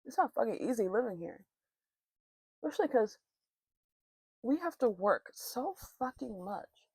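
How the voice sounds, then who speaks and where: A woman's voice: a little high, very animated, a little slow, darkish tone, breathy edge, no room sound, clean studio sound. A woman vlogger chatting casually, telling a rambling, profane, candid story with many restarts.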